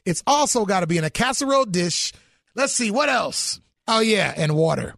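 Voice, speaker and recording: A man's voice: high-pitched, big pitch swings, normal speed, creaky, fairly bright tone, no room sound, studio quality. A middle-aged man in an enthusiastic interview chat, exclaiming about food. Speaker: guest.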